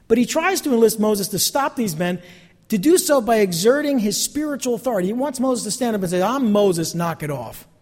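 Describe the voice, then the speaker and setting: Man, pastor, sermon, animated delivery, lively pitch swings, long reverb. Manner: animated, acts out quoted voices.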